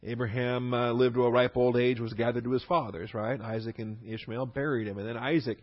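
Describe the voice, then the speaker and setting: A man's voice: medium pitch, fairly even intonation, a little fast, dull audio. A man teaching through a Bible passage verse by verse, leaning hard on key words between fillers and restarts.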